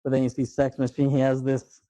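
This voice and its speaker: A man's voice: medium pitch, monotone, brisk, dark tone, no room sound, rough recording. A man hosting a casual movie podcast, animatedly retelling scenes, acting out lines and laughing often. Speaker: podcast host.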